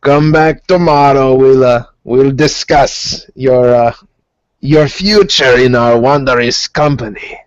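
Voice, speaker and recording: A man's voice: mid-range voice, clean tone, no room sound, close to an everyday voice. Man playing a fawning old alien smuggler boss. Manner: oily, drawn-out, fawning. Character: sentimental old male Toydarian smuggler boss. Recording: dull dry lo-fi recording.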